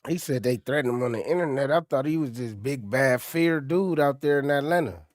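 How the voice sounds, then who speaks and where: A man's voice: mid-range voice, animated, brisk, dry recording, clean studio sound. A man hosting a live reaction stream, chatting with viewers in a casual way and talking straight to the chat. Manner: conversational, addresses chat directly. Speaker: livestream reaction host.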